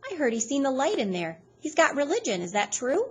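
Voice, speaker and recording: A woman reading aloud, voicing a loud, mocking woman who giggles and taunts. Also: high voice, big pitch swings, fairly quick, a little hiss or hum, voice pushed up. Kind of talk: read-aloud storytelling.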